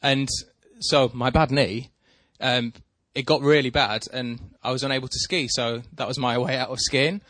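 A man's voice: mid-range voice, normal speed, few pauses, no room sound. A man telling a rambling, self-deprecating story in casual chat with a co-host. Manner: rambling, self-deprecating, animated when excited.

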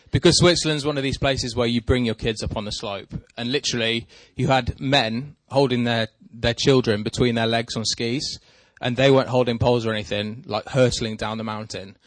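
A man's voice: medium pitch, fairly quick, hardly any pauses, no room sound. A man telling a rambling, self-deprecating story in casual chat with a co-host. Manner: rambling, self-deprecating, animated when excited.

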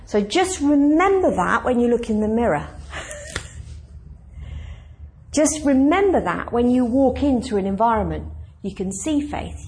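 A woman's voice: on the high side, a little mellow. A woman pastor preaching a conversational, emphatic sermon and asking the congregation questions.

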